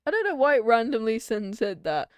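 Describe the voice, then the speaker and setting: A woman's voice: a little high, sing-song, fairly quick, clear, resonant tone, dry recording, clean studio sound. A young British woman in her twenties, streaming a game, chatting casually and reading its dialogue aloud in voices. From Britain. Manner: chatty, joking, reads game lines in voices.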